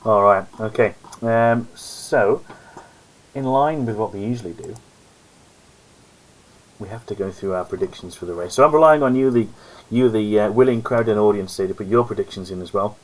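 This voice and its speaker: Man, solo stream host, rambling self-mocking chat, lowish voice. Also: moderate pace, rough recording.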